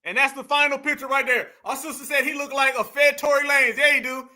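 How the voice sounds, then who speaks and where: A male stream host talks politics straight to his viewers, emphatic and full of slang. His voice sits very high and comes across bright and forceful. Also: steady tone, fast talker, soft background music. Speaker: online commentary host. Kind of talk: casual political commentary stream.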